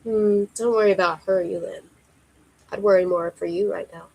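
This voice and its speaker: A woman reading the lines of a teasing adult man in a soft, murmured delivery. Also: mid-range voice, steady tone, normal speed, gravelly, slightly rough, poor audio. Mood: low teasing.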